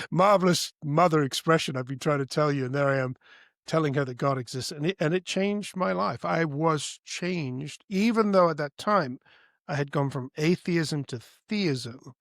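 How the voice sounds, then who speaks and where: A man in his fifties tells his story as a podcast guest, with emphasis that keeps rising and falling. His voice sits a little high for a man. The sound is dry and close. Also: normal speed, no room sound. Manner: emphatic, breaks into high loud voices when quoting.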